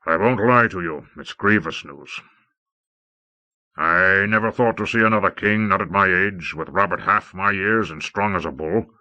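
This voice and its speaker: A man growling as a gruff old commander. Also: low voice, moderate pace, bright, forceful tone. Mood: grave. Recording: dull old cassette tape.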